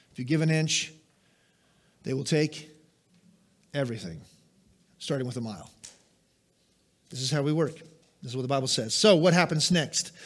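A high-pitched male pastor delivering a sermon. He leans hard into key words, then eases into conversational remarks to his listeners, as if mid-teaching. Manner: emphatic, rises and drops sharply for stress; conversational asides to the congregation.

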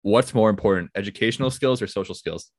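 A man hosts a casual podcast in a very low, deep voice. He keeps things playful, leading segments and quick question rounds. The recording is dry and close-miked. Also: no room sound. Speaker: podcast host.

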